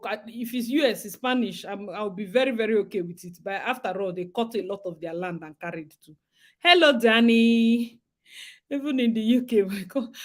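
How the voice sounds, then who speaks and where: Nigerian lady on a chat show, kinda high voice, lively, laughs a lot. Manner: animated, laughing, dramatic asides. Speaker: talk show co-host. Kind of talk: casual chat.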